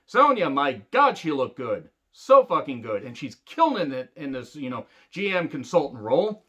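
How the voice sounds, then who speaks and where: A man's voice: on the high side, sing-song, moderate pace, pushed and bright, slightly rough. A man ranting angrily and sarcastically in a wrestling review, swearing heavily. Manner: angry, sarcastic, heavy swearing. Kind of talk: profane rant review.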